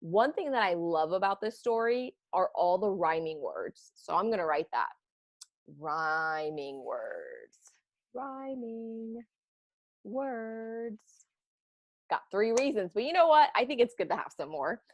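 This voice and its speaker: A woman teacher giving a read-aloud writing lesson for children, animated and expressive, a parent herself. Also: mid-range voice, moderate pace, few pauses, no room sound. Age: adult, parent of children. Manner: animated, expressive, bursts of excitement.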